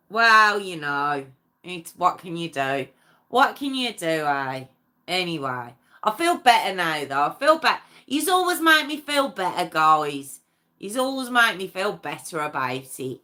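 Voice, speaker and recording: A woman hosts a true crime livestream in an easy, chatty way, laughing often as she answers viewers' comments. Her voice is bright and a little sharp. She talks at an unhurried, drawn-out pace. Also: on the low side. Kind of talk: casual live chat with viewers.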